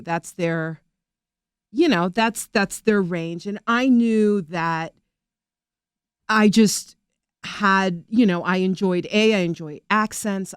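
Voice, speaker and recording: A middle-aged woman, an actress, talking casually in an interview, animated and rambling, often laughing. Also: mid-range voice, clear, resonant tone, dry recording, clean studio sound.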